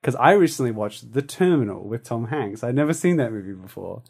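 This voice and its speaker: A man co-hosting a podcast in casual chat, animated and jumping into silly voices. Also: medium pitch, a little fast, vocal fry, husky. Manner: animated, breaks into silly character voices and laughs. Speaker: podcast co-host.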